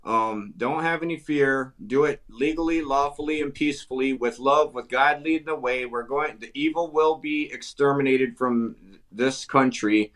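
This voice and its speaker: A man's voice: mid-range voice, moderate pace, fairly bright tone. Fervent man with an Upper Midwest accent. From Wisconsin. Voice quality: emphatic, repetitive, full of restarts. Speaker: guest. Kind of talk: fervent talk-show chat.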